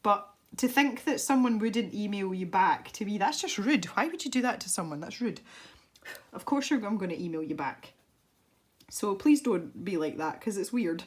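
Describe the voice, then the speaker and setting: A young Scottish woman talks casually to her audience as she draws at her desk. Her talk rambles, trips over restarts and breaks into little laughs. Her pitch sits right in the middle. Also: animated, normal speed. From Scotland. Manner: chatty, rambling, self-interrupting with laughs. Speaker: art YouTuber. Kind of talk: casual chat while colouring.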